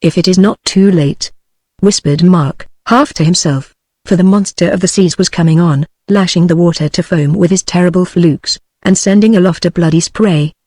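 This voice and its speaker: A text-to-speech woman's voice with a British English accent, reading a novel aloud in an even, measured way. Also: on the low side, dry recording, studio quality. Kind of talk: synthetic audiobook narration.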